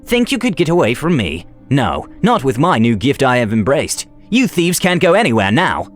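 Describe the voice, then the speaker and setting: A man's voice: medium pitch, huge pitch swings, moderate pace, soft background music. A man voicing a cruel male wizard who sneers and gloats. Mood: gloating.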